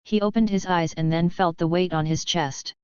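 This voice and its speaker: A woman narrating an audiobook in a steady, measured reading. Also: lowish voice, clean tone, no room sound, muffled recording. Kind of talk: scripted narration.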